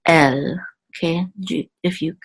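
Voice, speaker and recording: Low-voiced woman patiently teaching Hebrew. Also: steady tone, slightly rough, low-quality recording. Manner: patient, explains step by step with frequent "okay?" checks; sounds out syllables slowly and repeats words. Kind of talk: casual spoken lesson.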